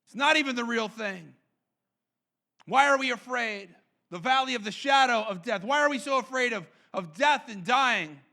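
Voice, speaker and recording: A man preaching a sermon in an animated way, acting out quotes and often repeating himself. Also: extremely high pitch, moderate pace. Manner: repeats words and restarts often. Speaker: pastor.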